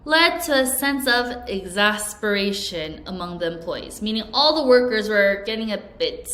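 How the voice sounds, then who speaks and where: A woman's voice: mid-range voice, animated, moderate pace, fairly bright tone, roomy sound. A woman teacher giving an English vocabulary lesson, who explains each word and has learners repeat sentences after her.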